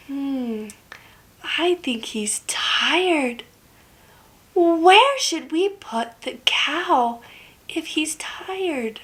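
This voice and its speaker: A young woman talks to toddlers in a high, bouncy voice, stretching her words out very slowly. She gasps with delight and then drops to a hushed whisper. Her sing-song teaching sounds full of wonder and praise. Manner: exaggerated gasps and cheerful praise.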